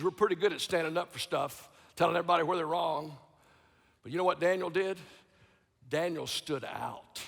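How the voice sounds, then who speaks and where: A male guest preacher with a gravelly, slightly husky voice that sits a little high. He preaches dramatically, swinging from loud to hushed. Long reverb from a large church sanctuary trails his words. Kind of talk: sermon.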